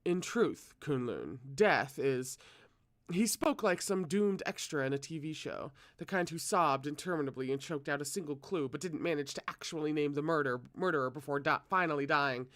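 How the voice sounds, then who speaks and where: Male read-aloud narrator, fairly high voice, steady delivery. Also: a little fast, few pauses. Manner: steady, occasional self-corrections. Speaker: reader. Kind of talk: reading a novel aloud.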